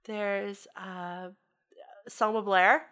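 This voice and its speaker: A woman co-hosting a casual movie podcast, hesitant with many fillers and quick to giggle. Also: mid-range voice, fairly even intonation, fairly bright tone, clear, resonant tone. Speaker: podcast co-host. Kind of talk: casual chat about movies.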